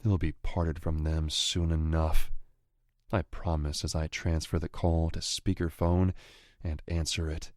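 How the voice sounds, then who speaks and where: A man reads a first-person romance audiobook in a very deep, unhurried voice. His delivery is low and growling, with an edge of menace. The recording is dry and close. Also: little pitch movement, a little mellow, no echo. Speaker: audiobook narrator.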